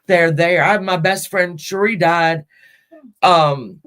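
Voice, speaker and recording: A woman's voice: lowish voice, takes it slowly, a bit bright. A middle-aged woman hosts a casual talk show and tells a personal story. Her talk rambles, with restarts and side turns. She speaks frankly and swears freely. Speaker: podcast host.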